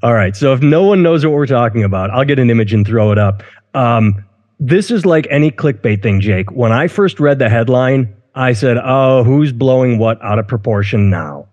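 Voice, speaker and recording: A man's voice: medium pitch, animated, moderate pace, darkish tone, highs cut off. A man co-hosting a casual podcast chat, rambling and outspoken, often restarting his words. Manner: rambling, self-interrupting, outspoken. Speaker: podcast co-host. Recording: long room reverb.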